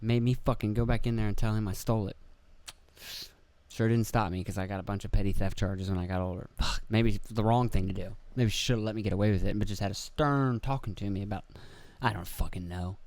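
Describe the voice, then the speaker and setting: A man in his thirties from Pennsylvania hosts a podcast and rambles through profane stories about his kids. His voice is smooth and clear, and it sits close and dry on the mic with no room sound. He breaks into other people's voices as he goes. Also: on the low side, fairly even intonation, fast, a little mellow, dry recording. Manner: profane, rambling storyteller who acts out quoted voices. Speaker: podcast host. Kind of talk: casual rambling monologue.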